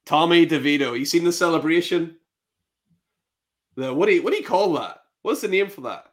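A man's voice: on the high side, lively intonation, a little fast. A man co-hosting a casual fantasy football chat show, laughing and reacting to clips.

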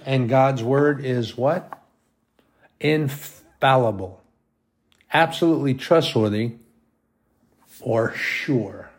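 Slow, emphatic male preacher. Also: medium pitch. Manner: deliberate, emphatic preaching with rhetorical questions. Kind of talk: sermon with scripture reading. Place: at home with his dogs.

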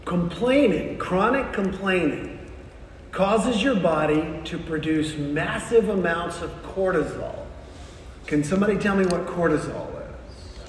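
A man delivers a motivational keynote to a live crowd, telling stories with punchy pauses and tossing questions to the audience. His voice sits high for a man and he takes his time. The sound is roomy and echoing, with a long hall reverb and faint ambience behind him. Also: animated, recorded from a distance, slight background noise. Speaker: motivational speaker.

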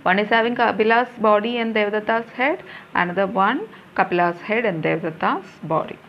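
A woman's voice: mid-range voice, expressive, fairly quick, slight background noise. A woman reads out stage directions and explains the plot in a plain teaching manner. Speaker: teacher reading a play aloud. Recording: dull lo-fi recording.

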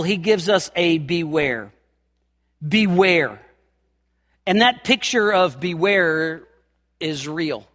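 A man preaching a sermon as pastor of his church, emphatic, climbing in pitch and force as he presses his points. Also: fairly bright tone, big-room sound. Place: church sanctuary.

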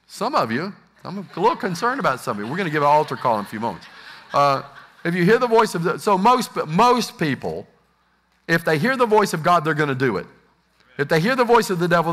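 Bright-voiced man preaching a sermon. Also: on the high side. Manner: preaching to a congregation, acting out inner doubts. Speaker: pastor.

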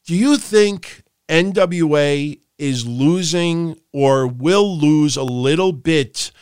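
A man's voice: on the high side, takes it slowly, darkish tone, clear, resonant tone, dry recording, studio quality. A man hosting a wrestling podcast, ranting profanely and animatedly, with mocking impressions of other people. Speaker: podcast host.

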